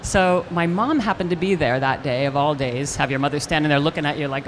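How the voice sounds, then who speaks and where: An older woman, an actress, telling a lively anecdote in an interview, acting out the quotes as she goes. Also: deep voice, brisk, hardly any pauses, a little hiss or hum. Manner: animated storyteller acting out quotes with restarts. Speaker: actress guest.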